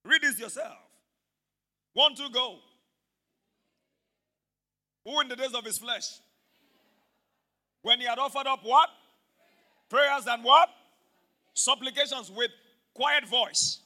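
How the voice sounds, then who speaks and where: Fiery high-voiced preacher man. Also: takes it slowly, long pauses. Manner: fervent, often shouting, exhorting the congregation. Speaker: pastor. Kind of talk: sermon with call-and-response. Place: church service.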